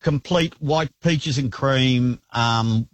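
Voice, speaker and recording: A man calling a radio show, telling a story in halting, hesitant bursts. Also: mid-range voice, no echo. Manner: hesitant, full of ums. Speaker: caller.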